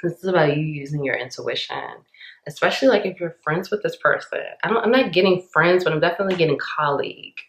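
A woman's voice: low-pitched, fast talker, echoey room, rough recording. A woman giving a casual channeled tarot reading, talking intensely and emphatically, with many restarts and fillers. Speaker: tarot reader.

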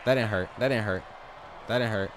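A man giving loud, trash-talking live commentary while playing a wrestling game. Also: lowish voice, fairly quick, crowd noise. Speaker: gaming channel host.

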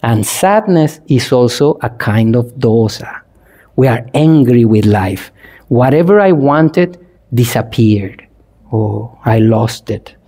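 Animated monk giving a dharma talk. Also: male voice, medium pitch, takes it slowly. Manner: animated, asks the audience questions, acts out examples. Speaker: Buddhist monk teacher.

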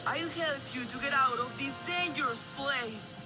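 A woman's voice: high-pitched, unhurried, music in the background. A woman voicing a male guide character from a game, reading stiff, repetitive lines.

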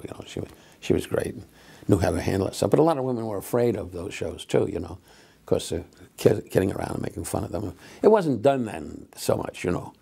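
Brief: older comedian in his 80s, deep gravelly rasp, dark mellow tone, meandering wry anecdotes. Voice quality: gravelly, husky. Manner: rambling, halting, with many fillers and wry asides. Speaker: comedian reminiscing. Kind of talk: casual anecdotal storytelling.

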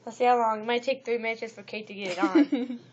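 A woman's voice: fairly high pitch, fast, noisy background. A young woman filming a dare with her friend, teasing in casual chat. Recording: dull lo-fi home video.

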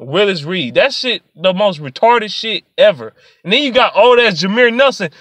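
A high, bright-voiced man rants angrily about sports, cursing freely and lurching from low mutters to loud outbursts. The sound is close and dry, with no room around it. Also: lively intonation, moderate pace, few pauses, no echo. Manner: angry, profane, swings from muttering to shouting. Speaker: sports vlogger. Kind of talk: profane sports rant.

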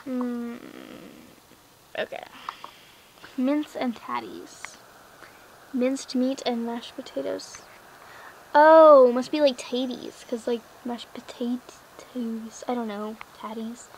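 A teenage girl with a high, light voice talks through her game in a loose, rambling way, filling her sentences with "like" and "um". A faint hiss sits under the recording. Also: steady tone, slow, long pauses, darkish tone, low-quality recording. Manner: rambling, chatty, lots of fillers and "like". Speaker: gaming vlogger. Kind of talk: casual screen-recorded game chat.

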